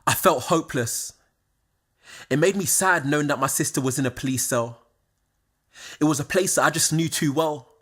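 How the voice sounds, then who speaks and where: A man, telling a scripted personal story, moving from quiet confiding tones to excited exclamations. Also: fairly high pitch, normal speed, pauses often.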